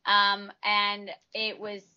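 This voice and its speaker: A woman's voice: medium pitch, monotone, extremely slow, lo-fi sound. A woman from Texas, a voice actress answering interview questions in a chatty, rambling way, often restarting her sentences. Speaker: voice actress, guest.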